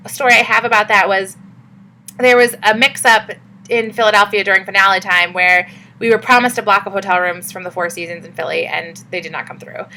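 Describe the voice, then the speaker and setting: A woman's voice: medium pitch, pushed and bright, low-quality recording. A young woman vlogging in a casual, chatty and upbeat way, with many fillers. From Massachusetts. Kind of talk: casual vlog talk.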